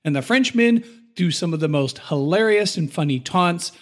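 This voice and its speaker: A man's voice: high-pitched, expressive, normal speed. Chatty male podcast co-host explaining history. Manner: explanatory, acts out voices in quotes. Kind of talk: casual history podcast chat.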